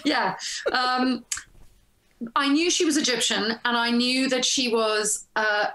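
A woman actress telling a casual story as an interview guest, animated and acting out the lines she quotes, over a video call. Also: fairly high pitch, takes it slowly. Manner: animated, laughs often, acts out quoted lines. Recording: roomy echo.

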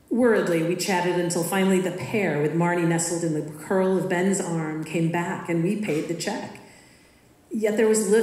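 A woman reading her own personal story aloud in a measured, expressive way, in a school auditorium. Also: fairly low pitch. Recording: echoey hall.

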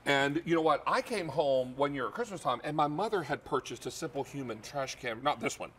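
A man's voice: a little high, animated, fairly quick, over a noisy crowd. A man hosting a live TV shopping show, chatty and upbeat, calling out stock counts as he sells. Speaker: TV shopping host. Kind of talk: live home shopping presentation.

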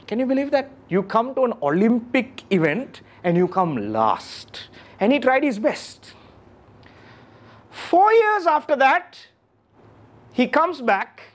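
A man giving a motivational talk to a live audience, questioning them often and repeating key phrases for emphasis. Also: fairly high pitch. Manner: animated, keeps questioning the audience. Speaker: motivational speaker. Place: lecture room with audience.

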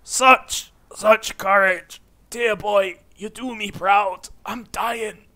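A man voicing a dying old male wizard mentor in a dramatic, drawn-out, quavering delivery while playing a computer role-playing game. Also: sits high, steady tone, sharp tone, voice pushed up, heavily acted. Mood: grandly dramatic.

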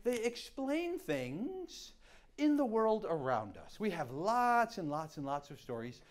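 A man's voice: sits high, huge pitch swings, a little slow. A middle-aged man telling traditional folk tales to a live audience in a theatrical style, with gasps and sound effects. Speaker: storyteller.

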